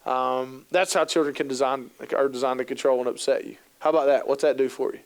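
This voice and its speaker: A man's voice: mid-range voice, steady tone, fairly quick, smooth. A man in his thirties giving a humorous talk to an audience, telling stories and acting out quoted voices between casual fillers. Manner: jokey, acts out quoted voices, lots of fillers. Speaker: keynote speaker on youth work. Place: conference hall.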